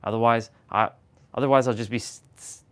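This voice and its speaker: A man hosting a casual motivational livestream from home, speaking candidly and a bit low on energy, rambling through restarts. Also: fairly even intonation, brisk, clean tone. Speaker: livestream host. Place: at home, downstairs. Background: tuning fork tones.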